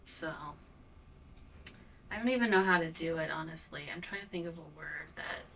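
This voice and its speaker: A woman from Ohio hosting an awkward comedy interview, speaking haltingly and deadpan with many fillers. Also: low-pitched, distant mic, a little hiss or hum, low-quality recording.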